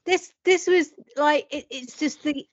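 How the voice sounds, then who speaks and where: A woman, a podcast guest telling a story in a lively, self-mocking way. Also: high voice, unhurried, no room sound, muffled recording. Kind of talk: animated anecdote telling.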